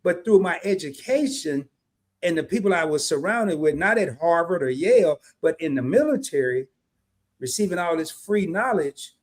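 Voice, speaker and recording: A man's voice: fairly high pitch, darkish tone. A middle-aged man co-hosting a live stream, laid-back and slangy, talking straight to his viewers. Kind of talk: casual live stream chat.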